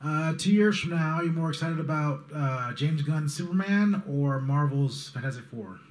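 A man's voice: fairly high pitch, animated, moderate pace, slight background noise. A man in the audience asking a question hesitantly, with fillers. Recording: echoey hall mic from far off.

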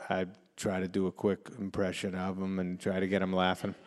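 A middle-aged man talking casually as an interview guest, laid-back, laughing often, repeating words and slipping into quick impressions. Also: low-pitched, completely flat delivery, big-room sound. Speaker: actor and comedian guest.

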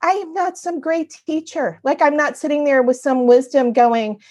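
Middle-aged woman, guest author, animated storytelling, fairly high voice, acts out her own lines. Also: moderate pace.

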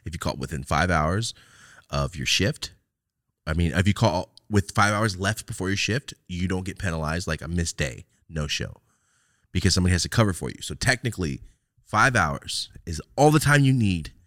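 Young dude with a deep voice telling a wild story, swears a lot, pitch jumps all over, dry close sound. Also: male voice, moderate pace, dry recording. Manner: animated, profane, jumps into loud quoted outbursts. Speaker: podcast host. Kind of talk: casual storytelling chat.

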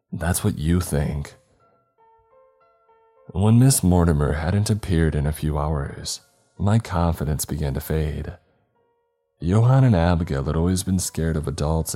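Very deep-voiced male horror narrator. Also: dark tone. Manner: measured, dramatic storytelling.

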